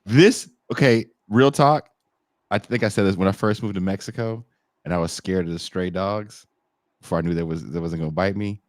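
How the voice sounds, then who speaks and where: A man co-hosting a casual podcast chat, reacting to a clip with loud laughs and profane jokes. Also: low-pitched, fairly quick, no echo. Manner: animated, laughing often, profane, slips into mocking voices. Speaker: podcast co-host.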